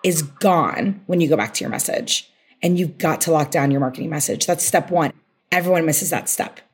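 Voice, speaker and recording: A social media strategist appears as a podcast guest, speaking with energy and passion and getting fired up about her work. Her voice is low, husky and brisk.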